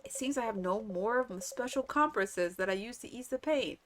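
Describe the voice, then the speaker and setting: A woman reading the lines of an aching old man villager, in a slow, weary, complaining way. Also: a little high, animated, a little hiss or hum, close to an everyday voice.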